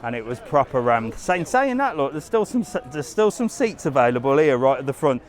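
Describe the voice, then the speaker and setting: Walking a resort street outdoors, a travel vlogger hosts a casual live tour in a sing-song, mid-range voice that runs a little fast. He chats easily, talks straight to his viewers, and reads their comments aloud in an easygoing manner.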